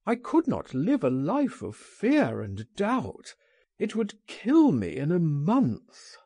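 A man reading an audiobook, voicing a frightened, despairing man on bail who pleads in a higher pitch. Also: huge pitch swings, slow, mellow, slightly rough, no echo, heavily acted. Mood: resigned.

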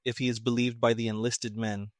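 A man voicing a calm young civilian detective who speaks flatly and tonelessly, in an audiobook reading. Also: medium pitch, a little fast, no room sound, studio quality, natural voice. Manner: flat, toneless, clipped.

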